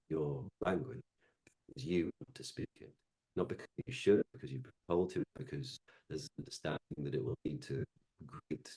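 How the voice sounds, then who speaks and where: Panelist, male, English accent with Welsh tinges, very low, mellow, thoughtful delivery. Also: breathy edge. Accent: English with slight Welsh tinges. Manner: thoughtful, measured, frequent ums. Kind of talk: lecture panel discussion.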